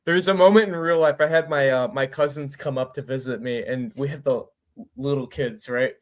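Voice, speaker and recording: A man's voice: mid-range voice, fairly even intonation, moderate pace. A young man in a casual podcast chat, telling wry, joking stories.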